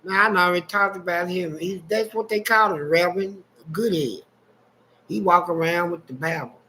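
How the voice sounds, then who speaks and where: A man's voice: high-pitched, moderate pace, bright, forceful tone, slight background noise, poor audio. A man telling frank, streetwise stories in a casual livestream chat and laughing along as he goes. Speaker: guest storyteller on a livestream.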